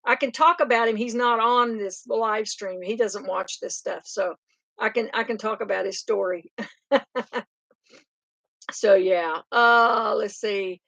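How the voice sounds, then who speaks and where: Older woman, rambling chatty stream host, slightly high voice. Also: fairly even intonation, slow pace, gravelly, a bit bright, dry recording. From Oklahoma. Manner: chatty, rambling, laughs often. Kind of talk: casual chat reading comments.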